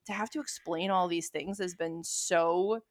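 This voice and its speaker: A young woman chats casually in a slightly low voice, wandering through her stories with lots of energy. She swears freely as she talks. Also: measured pace. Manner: rambling, animated storyteller who swears casually. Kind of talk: casual chat.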